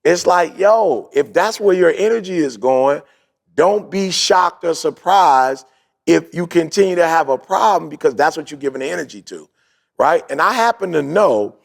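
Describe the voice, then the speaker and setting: A man's voice: a little high, lively intonation, moderate pace, creaky. A man hosting a podcast, telling a story in a casual motivational way, acting out quotes and repeating his points. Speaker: podcast host.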